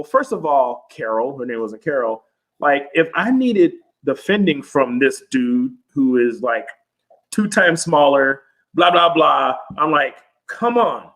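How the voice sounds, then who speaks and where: Animated man telling stories, fairly high voice. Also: normal speed, poor audio. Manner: animated storyteller, acts out quotes in raised voices, swears freely. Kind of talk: casual chat.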